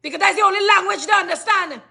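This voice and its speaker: A woman's voice: very high voice, quick pace, vocal fry, pushed and bright. A woman with a Trinidadian accent in an angry rant to camera, cursing and firing off repeated questions. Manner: furious, cursing, repetitive questioning.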